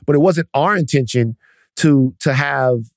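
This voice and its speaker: A man's voice: medium pitch, unhurried, dry recording, studio quality. A man co-hosting a podcast, blunt and emphatic, swearing freely. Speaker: podcast co-host. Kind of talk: casual podcast discussion.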